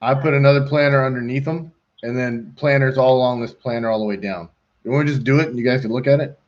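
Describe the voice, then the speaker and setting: A middle-aged man chats loosely and jokes while clicking through a design program. His voice sits at a normal pitch. The stream audio is dull and lo-fi. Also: fast. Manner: joking, talks to himself while working. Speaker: pool designer hosting a live design call. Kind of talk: casual chat while designing on a computer.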